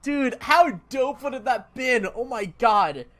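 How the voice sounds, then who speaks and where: A young man co-hosting a podcast, excitable and laughing often, talking in a casual, slangy way. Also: very high-pitched, slow. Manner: excitable, laughing, lots of "dude" and "like". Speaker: podcast co-host. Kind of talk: casual chat.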